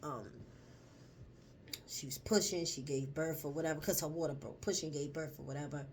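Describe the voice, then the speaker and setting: Low and steady in tone, slightly mellow, this vlogger addresses her audience in relaxed chat with slight background noise. She lingers on words, swears emphatically, speaks slowly, and grows choked up while recounting a story.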